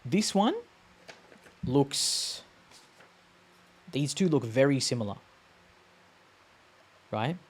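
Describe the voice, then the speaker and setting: A man teaching a language on a live stream, casual and chatty, repeating sounds slowly to demonstrate them. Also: medium pitch, big pitch swings, slightly rough.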